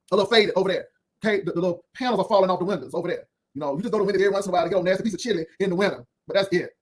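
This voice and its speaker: A man hosting an unscripted drama commentary video, firing off sassy, cutting put-downs in a rambling way. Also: sits high. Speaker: YouTube commentary host.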